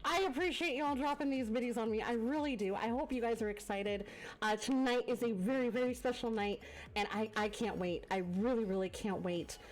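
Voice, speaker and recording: A congested woman live-streaming from her home setup, her voice sitting a little high. She gushes over her viewers with lots of ums and restarts, speaking close into a desk microphone. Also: fairly quick. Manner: effusive, gushing thanks to viewers with many fillers. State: congested from a lingering cough. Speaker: variety streamer hosting a guest. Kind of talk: casual live-stream chat.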